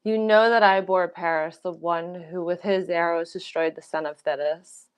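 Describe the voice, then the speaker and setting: A grieving old queen who pleads and defies by turns, read by a woman in her own voice. The voice sits low and smooth, and the delivery stays plain and unforced. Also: fairly even intonation, moderate pace, close to an everyday voice. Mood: pleading grief. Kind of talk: dramatic reading.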